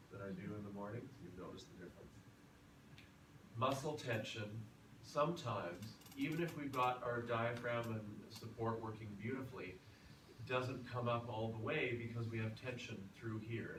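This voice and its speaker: A man teaching a singing class in a relaxed, chatty lecture style. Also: fairly low pitch, normal speed. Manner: relaxed, chatty, tells anecdotes. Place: classroom or rehearsal hall. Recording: roomy, from far off, noisy.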